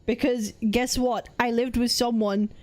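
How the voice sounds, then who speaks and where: A woman's voice: on the high side, fairly even intonation, a little mellow. Sweary Welsh-born woman streamer. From Wales. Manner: blunt and sweary, quick banter. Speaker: VTuber streamer. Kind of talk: casual reaction stream.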